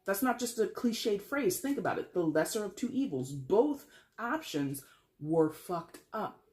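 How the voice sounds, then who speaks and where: A tarot card reader giving a casual, blunt reading, emphatic and laughing often, with casual swearing. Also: a little slow. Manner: animated, leaps in pitch for emphasis.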